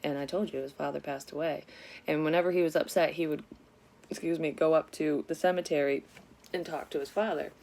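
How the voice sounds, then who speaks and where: A woman's voice: deep voice, steady tone, a little fast, darkish tone. A woman vlogger candidly telling a personal story in a casual, rambling way, with lots of swearing and frequent self-corrections. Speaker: psychic medium vlogger.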